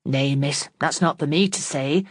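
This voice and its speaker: A woman's voice: low-pitched, measured pace, no echo, clean studio sound. A woman voicing a plainspoken, gossiping maidservant in an audiobook, speaking knowingly. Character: plainspoken gossiping female servant.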